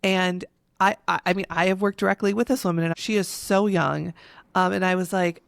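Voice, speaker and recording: A young woman co-hosts a podcast in a low, gravelly voice, talking candidly and with plenty of expression. She swears freely and acts out what other people said. The sound is dry and close. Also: steady tone, a little fast, no room sound. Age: young adult. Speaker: podcast co-host. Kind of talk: casual conversation.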